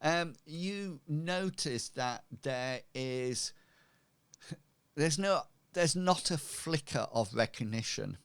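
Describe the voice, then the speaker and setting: Male game master, slow and gravelly, dry close sound. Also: on the high side, animated, fairly bright tone, no room sound. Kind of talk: narrating a tabletop game.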